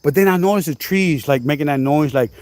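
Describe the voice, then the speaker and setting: High-voiced man telling a storm story. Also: a little fast. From New Jersey. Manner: animated, repetitive, exclaiming. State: coughing now and then. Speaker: channel host. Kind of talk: casual storytelling vlog. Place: outdoors at night by a house.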